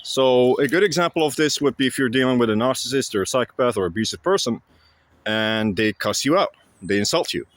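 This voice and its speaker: A man talking to camera in a casual explanatory monologue, halting and blunt, with frequent fillers and restarts. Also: medium pitch, expressive, no echo. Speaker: vlogger.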